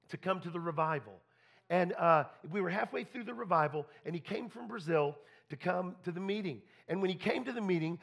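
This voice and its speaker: A man's voice: high voice, creaky, fairly bright tone, husky. A man preaching a storytelling sermon, folksy, full of restarts, acting out conversations. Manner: folksy, repeats and restarts, quotes people in dialogue.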